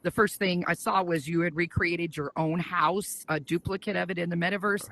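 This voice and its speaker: A woman hosting a casual talk show, chatty and quick to laugh. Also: on the low side, steady tone, vocal fry, fairly bright tone, slight background noise. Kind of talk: casual chat.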